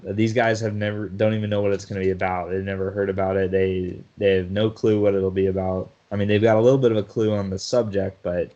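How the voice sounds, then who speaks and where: A man's voice: deep voice, little pitch movement, quick pace, few pauses, dark tone, lo-fi sound. A man co-hosting a sports podcast in casual chat, talkative, often laughing and restarting his sentences. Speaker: podcast co-host.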